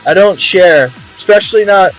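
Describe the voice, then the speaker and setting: Young guy rambling and cussing on stream, kinda high voice, little music behind. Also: moderate pace, rough recording. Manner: rambling, profane, repeats words. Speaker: game streamer. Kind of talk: casual stream chat.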